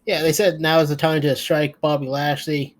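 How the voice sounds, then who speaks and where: Recapping a wrestling show for his podcast, this male co-host rambles along, sleepy and profane, in a casual chat. He speaks at a moderate pace in a slightly high, level tone.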